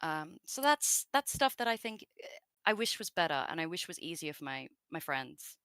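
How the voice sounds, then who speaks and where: An Australian woman chats freely as an interview guest, wandering through her thoughts with plenty of asides. Her voice is bright and smooth, sitting a little low. The mic is close and dry. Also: big pitch swings, moderate pace, dry recording. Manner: chatty and rambling, with many fillers and asides. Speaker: voice actress guest. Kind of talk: casual interview chat.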